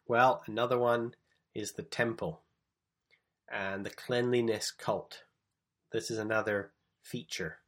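A man's voice: on the low side, fairly even intonation, slow, long pauses, fairly bright tone. A man teaching from the Gospels, explaining the text and reading passages aloud with emphasis. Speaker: preacher. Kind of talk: bible teaching talk.

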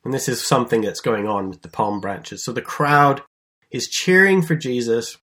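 Male Bible teacher, mid-pitched, conversational and animated; emphatic storyteller with natural restarts. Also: moderate pace. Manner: lively storytelling with emphatic stresses. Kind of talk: explanatory Bible lesson.

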